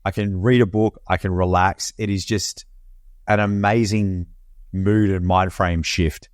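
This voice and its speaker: This is an Australian man in casual podcast chat. His voice sits a bit low. He sounds laid-back and swears freely. The sound is dry and close. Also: level tone, a little slow, dry recording. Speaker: podcast co-host. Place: home, Perth.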